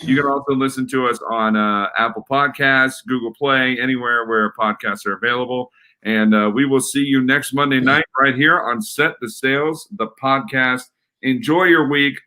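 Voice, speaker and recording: A man's voice: mid-range voice, fairly even intonation, normal speed, pushed and bright, low-quality recording. A man hosting a sports fan podcast, upbeat as he wraps up the show and thanks listeners. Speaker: podcast host. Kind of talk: casual chat, show sign-off.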